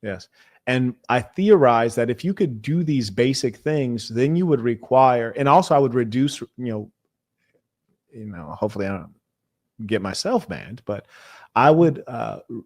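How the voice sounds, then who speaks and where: Measured man hosting a call-in. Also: mid-range voice, expressive, darkish tone. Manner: measured, talks over callers with repeated commands. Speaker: host. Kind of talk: confrontational call-in show talk.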